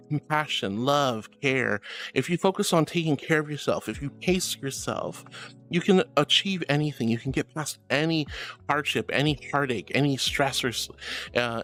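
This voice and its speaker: A woman's voice: sits low, animated, normal speed, fairly bright tone, soft background music. A woman streaming live, reading chat aloud in a sweet, giggly, affectionate way. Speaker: VTuber streamer.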